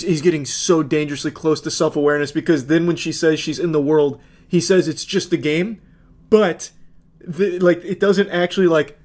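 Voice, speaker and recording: A man's voice: on the high side, darkish tone. A man giving casual reaction commentary, sarcastic and swearing freely. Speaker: commentary host.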